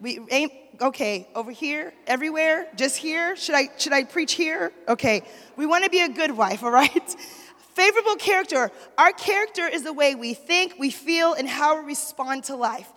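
Woman, high voice, sermon, animated storytelling, church congregation, long hall reverb. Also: normal speed. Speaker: pastor's wife preaching. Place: church sanctuary.

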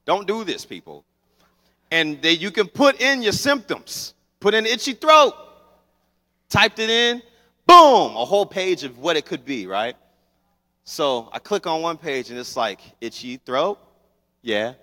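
A young man delivers a sermon, slipping into animated storytelling and acting out little scenes. His voice sits a bit high and sounds bright and forceful. Long reverb from the church hall trails behind every phrase. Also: unhurried, pauses often. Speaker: pastor.

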